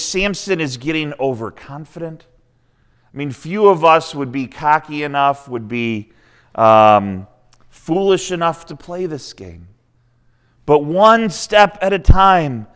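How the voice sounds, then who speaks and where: A man's voice: fairly high pitch, a bit bright, smooth. A man giving a sermon, retelling a scripture story in a conversational way with asides to the listeners. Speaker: preacher.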